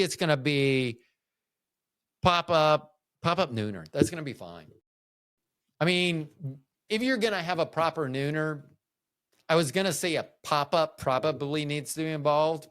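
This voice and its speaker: A man's voice: mid-range voice, no room sound, studio quality. A man hosting a solo podcast, rambling through jokey asides with frequent restarts. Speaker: podcast host.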